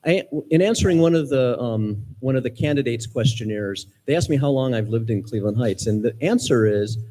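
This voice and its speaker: A middle-aged man from Ohio speaking as a mayoral candidate, sincere but halting, with many ums and restarts. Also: medium pitch, lively intonation, mellow, a little hiss or hum, poor audio. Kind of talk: campaign speech at forum.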